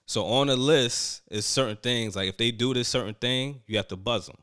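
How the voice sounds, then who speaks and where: A man casually recapping events, animated and quoting people as he goes. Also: mid-range voice, moderate pace, clean tone. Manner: animated storyteller, quotes people in raised voices. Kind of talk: casual chat recapping a reality show.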